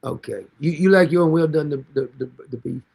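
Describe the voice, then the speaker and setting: A man's voice: a little high, expressive, a little fast, vocal fry, darkish tone. A man hosting a casual livestream, rambling and mocking with frequent laughter, talking now and then to someone beside him. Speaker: livestream host.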